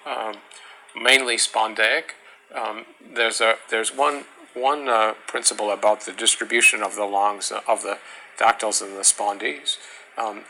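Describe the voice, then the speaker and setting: A man giving a classroom lecture on meter, talking haltingly with many fillers and restarts, and chanting rhythm syllables to demonstrate. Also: lowish voice, gravelly, bright, forceful tone, poor audio. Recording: faint background noise.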